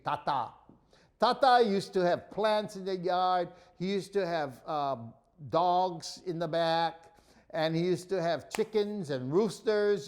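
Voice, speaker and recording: A man with a Hawaiian accent telling comic childhood stories, with animated, pidgin-flavored phrasing. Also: high voice. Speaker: comedian. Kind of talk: comic storytelling.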